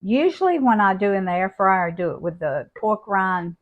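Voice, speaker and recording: An older woman, showing a home cooking recipe in a folksy, unhurried way from her kitchen. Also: mid-range voice, lively intonation, narrow, tinny audio. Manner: folksy, unhurried, homey talk. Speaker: cooking channel host.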